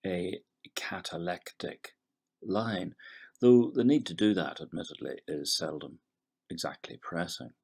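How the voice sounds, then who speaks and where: A middle-aged man, a literature professor giving a recorded poetry lecture in a measured, analytical way, trailing off softly at the ends of phrases. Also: on the low side, creaky, slightly rough. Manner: scans verse syllable by syllable.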